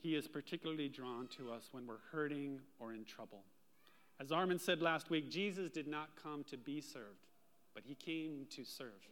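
A man preaching a sermon as pastor, telling a personal story with lively, animated delivery. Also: a little high, normal speed.

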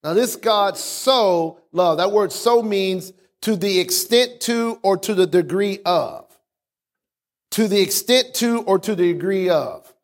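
A male pastor preaching a sermon, calling out to the congregation and stretching out words for emphasis. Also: lively intonation. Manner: preaching with call-outs to the congregation; swings from low explaining talk to raised, drawn-out emphasis.

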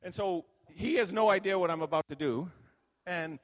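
An older man, a minister, giving a conversational sermon testimony and telling stories that grow animated at the high points. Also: moderate pace, long reverb tail.

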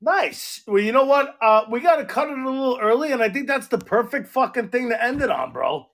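A man co-hosting a casual podcast, teasing his partner and jumping in with quick reactions. His voice is high and very lively. It carries a gravelly, creaky edge. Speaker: podcast co-host.

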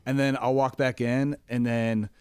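A man's voice: medium pitch, unhurried, clean tone, no echo, studio quality. A man in casual podcast chat, retelling a workplace story in a rambling way and acting out the other people's lines. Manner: rambling, animated retelling with quoted voices. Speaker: comedy club manager.

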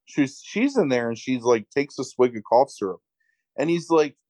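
Profane, animated man recapping a movie. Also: medium pitch, moderate pace, dry recording, poor audio. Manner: profane, animated retelling with acted quotes. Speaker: podcast co-host. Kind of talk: casual movie recap chat.

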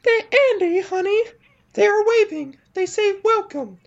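A reader voicing a menacing, legless, mutilated female creature in a high, thin, crooning sing-song, on a lo-fi recording. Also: lively intonation, unhurried, vocal fry, heavily acted.

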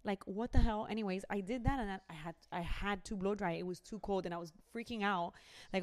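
A woman's voice: medium pitch, fast talker, a little mellow. A young woman, chatting animatedly and dropping in Spanish phrases. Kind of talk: casual chat.

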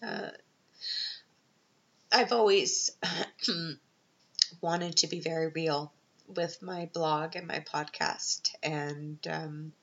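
In Vienna, a woman hosts her own podcast, delivering a personal, unscripted monologue through tears, hesitant and full of ums. Her low voice is steady and fairly bright, very slow with long pauses. The recording is dull and lo-fi.

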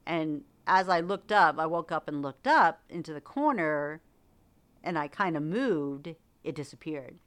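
Middle-aged woman, low register, casual animated storyteller on a chat podcast. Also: a little slow. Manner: animated storyteller who laughs and acts out quotes. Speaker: podcast co-host.

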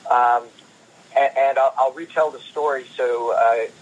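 A man, a guest comics producer, telling animated stories in an interview and repeating words as he goes. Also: mid-range voice, measured pace, breathy edge, highs cut off. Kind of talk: anecdotal interview storytelling.

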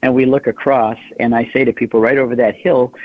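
A man with a husky, breathy voice tells stories as a radio guest, lively and full of acted-out quotes. The sound is a little dull, like a muffled radio broadcast. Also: medium pitch, a little fast. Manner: animated storyteller, acts out quoted voices. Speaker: guest, pilgrimage leader. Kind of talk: radio interview storytelling.

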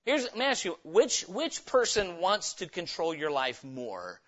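A pastor preaches with a high, ringing voice in a church. He is emphatic and keeps turning his points into questions for the congregation. The recording sounds dull and lo-fi. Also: sing-song, a little slow, fairly bright tone. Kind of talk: revival sermon. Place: church sanctuary.

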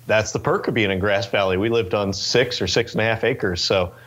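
Man, twenties, from northern california, lowish voice, relaxed storyteller, fillers and restarts. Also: a little fast. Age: 20s. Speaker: interview guest, race car driver. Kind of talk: casual interview chat.

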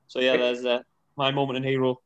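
A man's voice: mid-range voice, monotone, a little fast, lo-fi sound. A man co-hosting a football podcast, rambling through a funny anecdote with lots of fillers. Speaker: podcast co-host. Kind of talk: casual chat.

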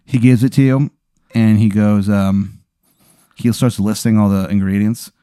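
A man telling an improvised comic story in a rambling, deadpan way, full of fillers. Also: fairly low pitch, measured pace, clean tone, no echo, studio quality.

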